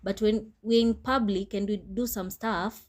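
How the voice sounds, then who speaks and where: Young Kenyan female co-host, mid-pitched, thoughtful code-switching chat. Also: steady tone, measured pace, darkish tone. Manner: reflective, acts out quoted people. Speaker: podcast co-host. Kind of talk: casual chat.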